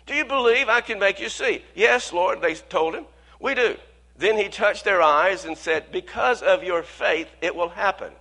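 Bright-voiced, high-pitched male preacher. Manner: conversational preaching with frequent repeated words and quick laughs; speeds up when quoting worried people, slows to stress key words. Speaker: pastor. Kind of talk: sermon.

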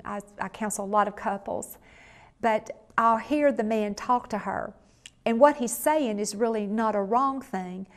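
A middle-aged woman preaches an earnest sermon in a fairly high voice. She teaches through stories from her counseling work and acts out each quoted speaker vividly. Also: darkish tone. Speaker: minister and counselor.

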